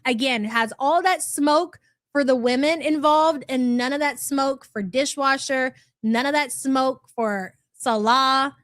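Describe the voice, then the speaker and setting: A woman's voice: high voice, measured pace, fairly bright tone, no room sound, studio quality. A woman giving exasperated, sarcastic reaction commentary and reading chat aloud. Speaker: commentary YouTuber.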